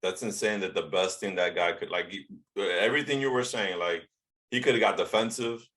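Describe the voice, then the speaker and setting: A man's voice: deep voice, fairly quick, fairly bright tone. A man hosting a podcast, asking earnest, reflective questions while thinking aloud. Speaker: podcast host. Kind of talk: interview questions.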